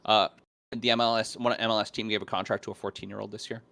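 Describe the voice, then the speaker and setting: A man's voice: fairly low pitch, flat delivery, quick pace, creaky, sharp tone, no echo. A man co-hosting a podcast in casual chat, joking with playful asides. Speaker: podcast co-host.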